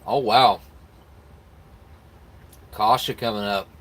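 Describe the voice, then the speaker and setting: A man's voice: on the low side, steady tone, slow pace, a bit bright. An American man hosting a live stream, chatting casually and rambling easily as he reacts to viewer comments. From United States. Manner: rambling, easygoing, with frequent restarts and laughs.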